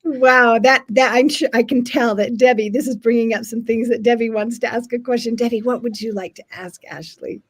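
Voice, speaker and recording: A woman's voice: fairly high pitch, steady tone, brisk, slightly rough. A woman hosting an interview on a video call, asking questions and often repeating words as she starts a sentence. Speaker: podcast host, interviewer. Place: virtual event, video call.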